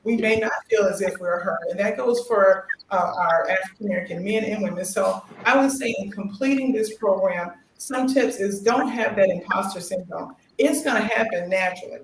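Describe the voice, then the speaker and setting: A woman's voice: medium pitch, moderate pace, hardly any pauses. A middle-aged woman guest on a talk show, telling her story expressively and acting out quotes. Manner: expressive, acts out quotes, laughs. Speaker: guest, new doctorate holder. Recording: roomy echo with faint noise.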